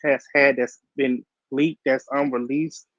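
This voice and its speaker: A man's voice: medium pitch, level tone, a little slow, no room sound. A man co-hosting a casual chat, talking candidly and with emphasis, in everyday slang. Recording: dry, slightly dull lo-fi sound.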